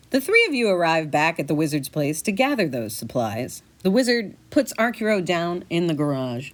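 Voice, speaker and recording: Lively woman narrating an adventure story. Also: on the low side, moderate pace, hardly any pauses. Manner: playful, expressive storytelling. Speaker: narrator and host. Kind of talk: choose-your-own-adventure storytelling.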